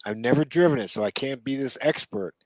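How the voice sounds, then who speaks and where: A man co-hosts a relaxed podcast conversation, spinning unhurried stories full of asides and little chuckles. His voice sits in a middle register, and the sound is close and dry with no room echo. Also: mid-range voice. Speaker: co-host. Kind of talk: casual podcast chat.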